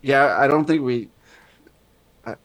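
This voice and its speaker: A man's voice: mid-range voice, slow, fairly bright tone. A man co-hosting a sports podcast, ranting sarcastically and swearing in casual banter. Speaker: podcast co-host.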